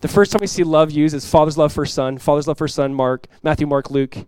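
Animated preaching man with a dry sound. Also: a little high, a little fast, clean tone, dry recording. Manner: animated preaching, acts out quoted voices, laughs. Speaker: pastor. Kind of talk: sermon. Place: church.

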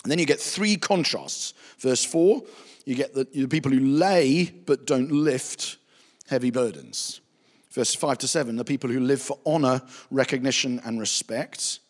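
A man, a pastor giving a chatty, anecdotal Bible teaching with animated asides. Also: medium pitch, a little slow. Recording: reverberant hall.

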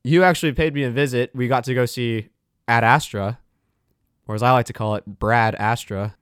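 A man's voice: mid-range voice, fairly quick, fairly bright tone, smooth, no echo, clean studio sound. A young man co-hosting a casual movie podcast, chatting and joking in a laid-back way. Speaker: podcast co-host. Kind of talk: casual chat.

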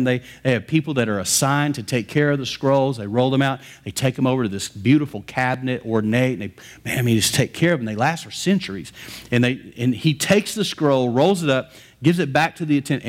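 Male pastor, mid-pitch voice, lively conversational sermon delivery. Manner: animated storytelling, conversational preaching.

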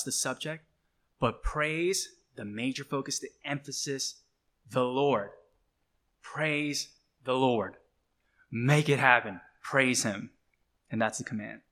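A male pastor delivering a sermon, repeating key phrases slowly and with emphasis. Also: medium pitch, a bit bright.

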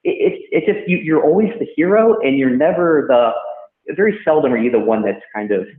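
A man's voice: fairly high pitch, expressive, a little fast. A man, a hotel general manager, talking casually in an interview, rambling with many restarts. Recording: tinny phone-line sound in an echoey room.

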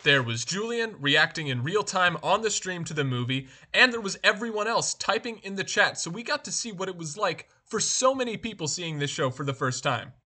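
A man with a fairly high, bright, crisp voice reads viewer comments in a casual chat. His delivery stays mostly deadpan, with occasional bursts of disbelief. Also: brisk, few pauses.

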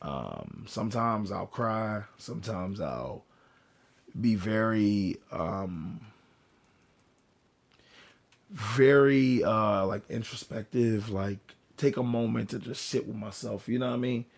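A man with a hoarse, worn-out voice talking candidly on a casual podcast. He is open and reflective, swears freely and repeats words for emphasis. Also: lowish voice, slow pace. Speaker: podcast co-host.

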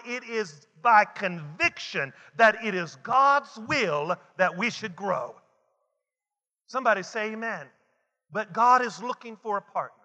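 Male pastor, bright forceful voice, call-and-response sermon, church sanctuary. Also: sits high. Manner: call-and-response preaching, repetitive and emphatic. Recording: long hall reverb.

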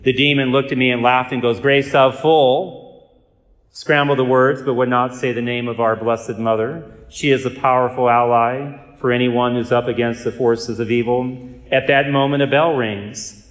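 Earnest priest telling stories in an echoey hall. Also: male voice, mid-range voice, steady tone. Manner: earnest, measured storyteller with dry humor. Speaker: Catholic priest and exorcist. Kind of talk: storytelling talk.

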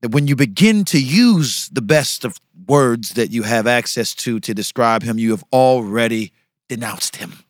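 A young man co-hosting a podcast, joking and hyping, sometimes dropping into low mock-solemn tones. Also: expressive, moderate pace, no echo, studio quality. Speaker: podcast co-host. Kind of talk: joking casual chat.

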